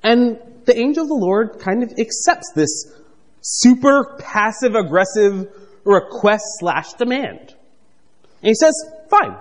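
A man preaching a conversational, animated sermon, reading scripture and acting out the characters with playful asides. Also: high-pitched, slow, in a large hall. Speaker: pastor.

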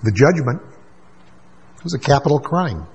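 Male pastor, husky voice, emphatic sermon delivery with quick asides. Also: medium pitch, big pitch swings, a little mellow, dull audio.

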